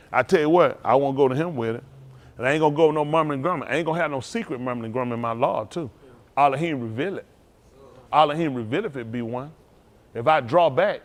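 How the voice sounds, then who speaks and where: A man preaching a sermon, rousing and conversational, swinging between loud calls and hushed asides. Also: fairly high pitch. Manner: rousing call-and-response preaching, Southern Black church cadence. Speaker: pastor.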